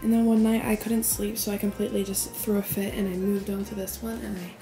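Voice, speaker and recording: Over background music, a college-age vlogger in her early 20s chats about her small dorm room, using lots of "like" and saying she's winded. She speaks at medium pitch, fairly quickly, with little pitch movement.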